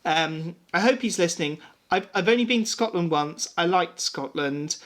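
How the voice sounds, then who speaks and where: A man's voice: high-pitched, normal speed, a bit bright. Guy rambling on a podcast, swears a lot, bit tipsy. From England. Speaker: podcast co-host. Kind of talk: casual chat.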